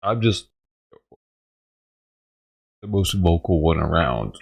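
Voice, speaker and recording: A man's voice: low voice, lively intonation, slow, creaky, muffled recording. A man vlogging casually, agitated and profane, swearing and laughing as he rants about a neighbor. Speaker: vlogger feeding stray cats. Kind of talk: casual ranting vlog.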